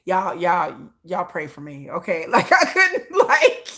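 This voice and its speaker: Gushing, excitable woman host. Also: on the low side, takes it slowly. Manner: gushing and excitable, with many restarts and laughs. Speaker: K-pop commentary host. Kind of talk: casual chat.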